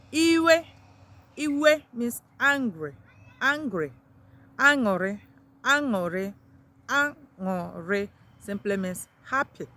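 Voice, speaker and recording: A woman teaching a vocabulary lesson, saying each new word in a lifted voice and repeating it before explaining. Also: fairly bright tone. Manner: lifts words sharply in pitch when introducing them. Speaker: language teacher.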